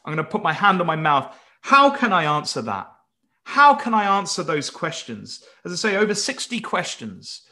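A man's voice: high-pitched, big pitch swings, moderate pace, sharp tone. A man preaching an earnest Bible-study sermon, emphatic and stumbling into restarts as he presses his points.

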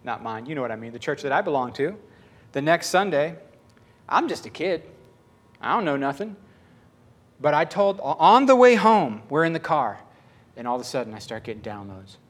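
Man, high-pitched, swooping intonation, storytelling sermon, acts out dialogue. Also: animated, brisk. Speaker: preacher.

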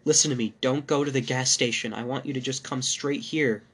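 A man voicing a frantic adulterous wife, raising his voice high and panicked as he reads a horror story. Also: fairly even intonation, a little fast, slightly rough, close to an everyday voice. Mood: urgent. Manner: shrill, panicked pleading.

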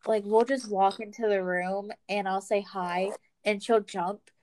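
A woman's voice: medium pitch, fairly even intonation, unhurried, darkish tone, slight background noise. A young woman co-hosting a podcast, telling stories in a casual chat full of fillers. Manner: chatty storyteller, lots of fillers. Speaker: podcast co-host.

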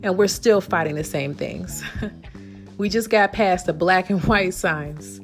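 Animated woman telling a personal story. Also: measured pace, soft background music. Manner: animated, indignant storytelling with pitch jumps. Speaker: vlogger. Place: home.

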